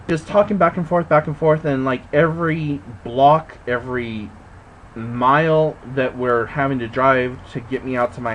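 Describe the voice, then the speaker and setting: A man telling a story in a casual vlog, animated and indignant, swearing and jumping high in pitch when he quotes himself. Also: a little hiss or hum, rough recording. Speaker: vlogger. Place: indoors at home.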